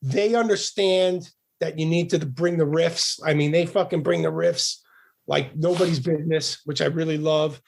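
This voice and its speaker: A middle-aged man speaks as a guest on a casual podcast, rambling and swearing freely, often circling back over his own words. His voice sits fairly high but comes out gravelly and husky. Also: steady tone, moderate pace. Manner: profane, rambling, repeats words. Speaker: guest musician.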